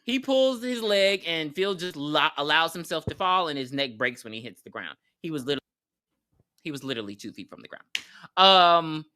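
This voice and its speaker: Bright, animated podcast host. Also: mid-range voice, a little fast, clean tone. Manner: animated storytelling, laughs often, slangy and profane. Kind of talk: casual movie recap.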